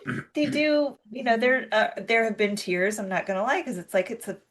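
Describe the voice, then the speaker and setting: A woman in her thirties co-hosts a podcast, chatting casually and rambling through stories full of fillers and restarts. Her fairly high voice is expressive and a little fast, set against a loud crowd.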